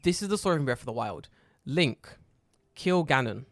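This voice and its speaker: A man co-hosting a podcast in casual chat, animated and profane, acting out his own reactions. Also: mid-range voice, moderate pace, no room sound, clean studio sound. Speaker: podcast co-host.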